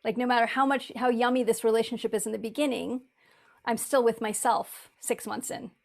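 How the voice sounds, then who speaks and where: A woman with a fairly high voice, talking in an earnest, reflective way. She often restarts her sentences and acts out the voices in her head as she goes. She is a spiritual author and teacher, speaking in a conversation. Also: steady tone, a little fast, creaky.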